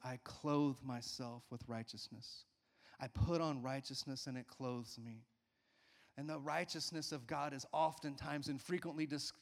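A man's voice: a little high, long reverb tail. A male pastor preaching a sermon with emphatic call-outs to the congregation.

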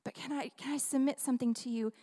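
High-voiced woman preaching in a hall. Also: fast. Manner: animated, humorous, conversational with audience questions. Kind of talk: sermon. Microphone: handheld microphone. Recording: long reverb of a large hall.

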